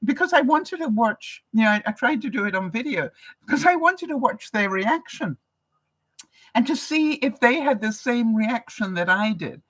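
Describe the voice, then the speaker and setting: A woman's voice: on the high side, moderate pace, poor audio. Older canadian lady vlogging live, chatty, keeps laughing, talks straight to viewers. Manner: chatty, laughs often, animated retellings. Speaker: vlogger hosting a live broadcast. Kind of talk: casual advice chat to viewers.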